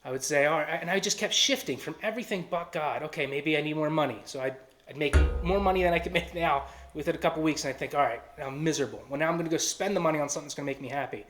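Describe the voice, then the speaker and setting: A man's voice: a little high, very fast, a bit bright, a little hiss or hum. A man with a Philadelphia-area accent giving an earnest personal testimony and acting out quoted dialogue. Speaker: testimony speaker.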